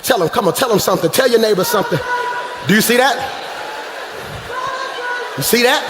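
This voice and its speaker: A man preaching a sermon as pastor, shouting and half-singing his lines, calling out to the congregation from the stage. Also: high voice, animated, brisk, noisy background. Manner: shouting, sing-song preaching with crowd call-outs. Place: large church hall. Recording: echoey live church hall.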